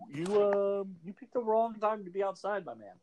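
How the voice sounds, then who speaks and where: A man's voice: sits high, expressive, a little mellow, a little hiss or hum. Joking male radio host, easy banter. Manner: jokey, laughs easily, quick asides. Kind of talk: casual radio chat.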